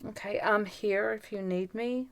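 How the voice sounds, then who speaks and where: A woman's voice: medium pitch, steady tone, no room sound. A woman co-hosting a podcast, talking in an earnest and emphatic way. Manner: earnest, emphatic, slow and deliberate. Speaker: podcast co-host. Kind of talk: casual chat.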